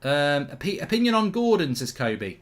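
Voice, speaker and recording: A man hosting a live football watchalong, reacting to the match and reading out viewer comments, excitable and blunt, swearing freely. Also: a little high, normal speed.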